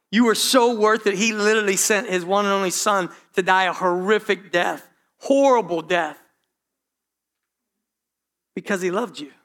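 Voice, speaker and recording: A man with a high, bright voice preaches a sermon in a church. He speaks straight to the congregation, full of asides, quick restarts and repeated phrases. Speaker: pastor.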